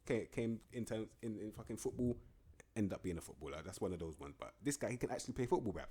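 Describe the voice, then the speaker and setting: Husky, lively young man. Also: fairly low pitch, quick pace. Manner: slangy, rambling, animated banter. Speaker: gaming YouTuber. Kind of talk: casual game commentary.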